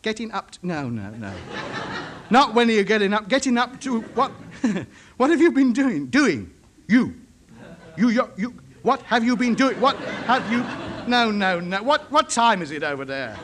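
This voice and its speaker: A man's voice: high-pitched, big pitch swings, normal speed, fairly bright tone. An actor playing a lonely, self-important middle-aged radio ham. He mutters to himself and chats pompously in a 1950s radio comedy. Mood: chatty. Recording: hissy old broadcast recording.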